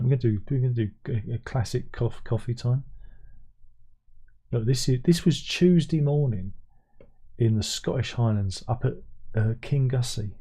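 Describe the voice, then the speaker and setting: A man's voice: lowish voice, mellow, breathy edge. An older British man hosting a casual livestream, rambling and chatting with dry, self-mocking asides. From Britain. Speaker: livestream host.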